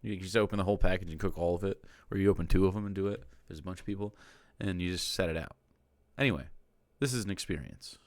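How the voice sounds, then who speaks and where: Low-voiced man ranting casually. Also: fast, hardly any pauses, no room sound. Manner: profane, exasperated ranting. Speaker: streamer. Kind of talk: casual reaction commentary.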